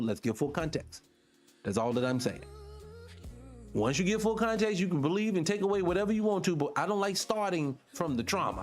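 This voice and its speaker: This man hosts a morning talk show, reacting to clips with casual commentary that's blunt and full of profanity. He speaks emphatically, and his voice climbs in pitch when he makes a point.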